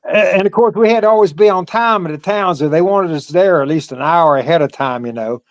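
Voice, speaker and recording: An older man speaks in a slightly raised pitch, his voice close and dry with no room around it. He tells old stories loosely and haltingly, stacking fillers and restarts. He laughs as he goes. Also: no room sound. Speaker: former pro wrestler, guest. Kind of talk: casual storytelling interview.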